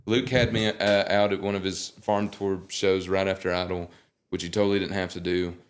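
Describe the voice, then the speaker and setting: A young man, a guest singer, telling animated, joking stories in a casual interview. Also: deep voice, normal speed.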